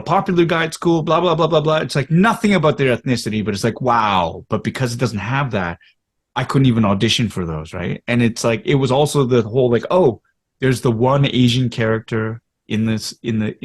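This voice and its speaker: A Canadian actor in his fifties, appearing as a podcast guest, shares candid career stories in a brisk, medium-pitched voice. He's animated, acting out quotes and his own inner thoughts as he talks.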